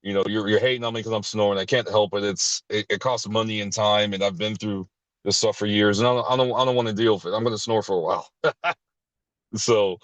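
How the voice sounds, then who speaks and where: A man's voice: steady tone, fast talker, no echo, poor audio. Blunt, profane man telling his story. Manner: blunt and profane, with frequent restarts and short laughs; acts out others' lines with sharp jumps in pitch. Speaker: recovery group member sharing his story. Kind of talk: candid personal storytelling.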